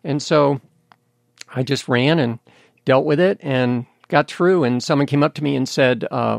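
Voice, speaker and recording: An older American man, a guest in an interview, telling his story candidly and in a measured way. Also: medium pitch, creaky, dry recording, studio quality. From United States. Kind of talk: interview conversation.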